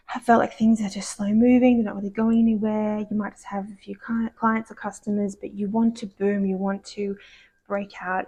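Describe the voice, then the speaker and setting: A woman giving a casual, rambling tarot card reading, gushing and soft-spoken, sometimes dropping to a whisper. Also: medium pitch. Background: dogs barking.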